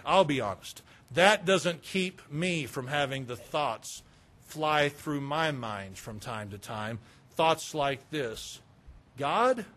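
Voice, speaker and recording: A man's voice: fairly high pitch, a bit bright. A middle-aged man from the American South preaching a sermon in a candid, conversational way, with confessional asides. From Southern United States. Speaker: pastor.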